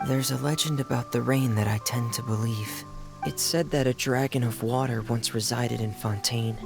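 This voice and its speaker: A man's voice: mid-range voice, steady tone, moderate pace, creaky, lightly acted. A man voicing a shy, introverted young diver who speaks hesitantly and glumly, in a video game. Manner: hesitant, soft-spoken, glum. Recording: game audio over music.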